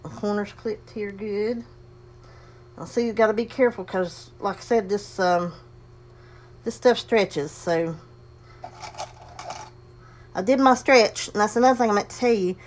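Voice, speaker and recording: A woman's voice: mid-range voice, moderate pace, a little mellow, a little hiss or hum. A woman casually demonstrating a sewing project, chatty and folksy, talking herself through each step and breathing a little heavily. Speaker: crafting tutorial host.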